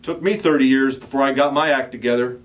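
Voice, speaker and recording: A man preaching a sermon as pastor, building emphatic repeated calls and sometimes dropping to a soft, quiet storytelling voice. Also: medium pitch, fast.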